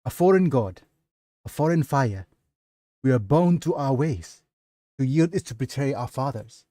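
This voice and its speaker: An icy, stern male councilman from a fantasy storybook, as read by a man. He declaims slowly and stubbornly, with a dry, close sound and a middling pitch. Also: expressive, dark tone, dry recording, lightly acted. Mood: stern defiance.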